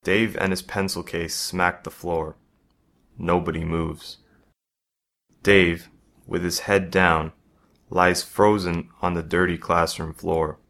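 Deep voiced guy slowly reading his own story out loud. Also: flat delivery. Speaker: narrator. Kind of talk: first-person story reading.

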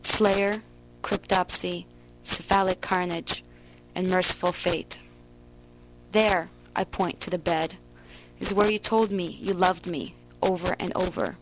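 A woman giving a slow, emotional, theatrical reading of a first-person story. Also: on the low side, fairly even intonation, slight background noise, poor audio. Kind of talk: dramatic literary reading.

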